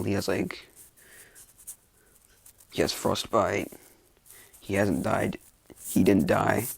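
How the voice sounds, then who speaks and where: A man with a low, heavily gravelly voice tells a made-up story off the cuff. He rambles and restarts, leaning on filler words, and his tone is husky and a little rough. The sound is close and dry, with no room around it. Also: a little mellow, dry recording. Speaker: fan fiction storyteller. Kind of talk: casual improvised storytelling.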